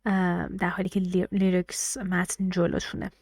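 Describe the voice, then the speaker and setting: A woman teaching English pronunciation in a mellow, warm voice. She explains patiently and counts syllables aloud, often slipping into soft near-whispers. The recording is dry and close, with no room sound. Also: on the low side, little pitch movement, very fast, vocal fry, dry recording.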